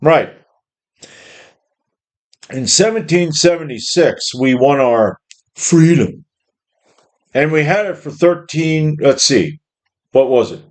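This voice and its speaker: A man's voice: on the high side, animated, slow pace, pauses often. A middle-aged man ranting angrily about his job and the system, profane and rambling. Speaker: worker ranting about jobs. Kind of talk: angry monologue rant.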